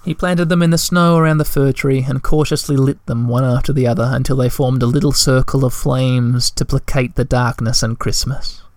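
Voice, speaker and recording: Smooth-voiced man reading a storybook. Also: mid-range voice, steady tone, moderate pace, few pauses, no room sound. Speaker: narrator.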